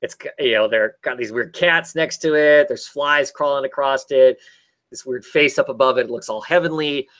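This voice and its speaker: A man's voice: mid-range voice, normal speed, a bit bright. A man casually recapping a comic story, rambling with many fillers and restarts. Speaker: podcast co-host reviewing comics. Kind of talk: casual chat.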